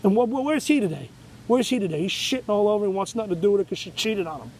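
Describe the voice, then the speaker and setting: A man's voice: sits high, animated, rapid-fire, a little mellow, slight background noise, rough recording. A man, hosting his own show in a rambling, profane, agitated monologue rant. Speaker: show host. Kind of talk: ranting monologue.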